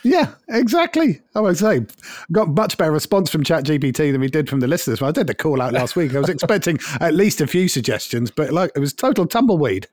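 A man's voice: a little high, sing-song, fast, a little mellow, no echo, studio quality. A man co-hosting a podcast, chatting playfully and mocking himself. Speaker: podcast co-host. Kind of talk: casual chat.

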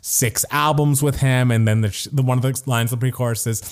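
Chatty, excitable male podcast co-host. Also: mid-range voice, fairly quick. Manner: enthusiastic, laughs often, says "like" a lot. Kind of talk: casual chat.

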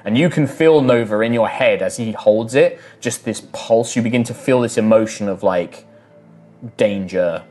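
A man narrating a tabletop game as game master, in loose, casual phrasing full of fillers, with soft music behind. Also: lowish voice, moderate pace.

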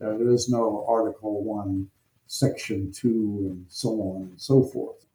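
A man on a history panel explaining at an easy pace with fillers, his voice trailing off softly. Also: lowish voice, fairly even intonation, measured pace, roomy sound, rough recording.

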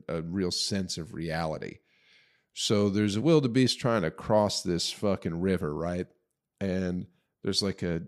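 A man's voice: deep voice, a little mellow. A man hosting a podcast, delivering a crude, profane, scornful rant in a casual comedic style. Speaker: podcast host.

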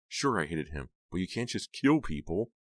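A man's voice: deep voice, big pitch swings, normal speed, no room sound, studio quality, pitched above the performer's own voice. A man voicing an upset, frightened teenage girl in an audiobook reading, pleading and crying out. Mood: distraught. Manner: pleading, upset, rising to cries. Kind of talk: audiobook character voice.

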